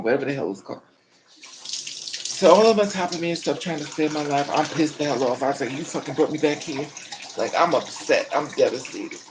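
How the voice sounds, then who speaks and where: A woman recounting a personal story in an animated, dramatic way, full of colloquial slang. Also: low-pitched, noisy background. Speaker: storyteller vlogger.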